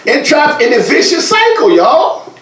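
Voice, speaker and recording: Emphatic, high-voiced male Bible teacher. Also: huge pitch swings, measured pace, fairly bright tone, roomy sound, far from the mic, rough recording. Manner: emphatic, colloquial, addresses listeners directly. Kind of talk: conversational teaching from slides.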